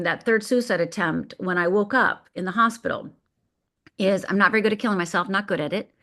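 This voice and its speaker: A woman's voice: mid-range voice, a bit bright. Middle-aged woman telling a personal story. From Upper Peninsula of Michigan. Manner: vivid, paced storytelling with dramatic pauses. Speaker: guest.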